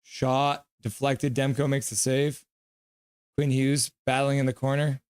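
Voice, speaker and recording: Calling hockey plays live and reading out chat, the young man keeps an excitable, goofy energy. His voice is mid-range and clean in tone, with a measured pace.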